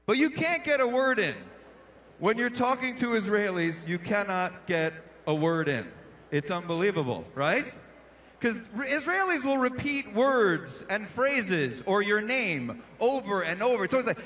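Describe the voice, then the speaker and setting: A man's voice: sits high, very animated, moderate pace, a bit bright, a little hiss or hum. A male stand-up comedian and emcee, punchy and playful, riffing with a crowd on a big indoor arena stage through a handheld microphone.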